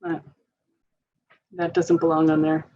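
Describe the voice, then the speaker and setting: A woman's voice: low voice, completely flat delivery, a little slow, mellow, muffled recording. A woman occupational therapist giving an informal training talk to parents, chatty and loose, with many fillers and frequent small laughs.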